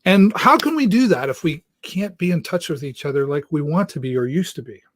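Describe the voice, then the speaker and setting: A male talk show host speaking earnestly and haltingly to his viewers, often restarting his sentences, from inside a church. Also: fairly high pitch, animated, no room sound, clean studio sound. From Canada. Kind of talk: heartfelt monologue to viewers.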